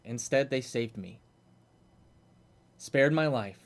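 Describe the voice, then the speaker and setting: A man's voice: medium pitch, takes it slowly. A man voicing an earnest male warforged automaton guard who tells his story in a plain-spoken way.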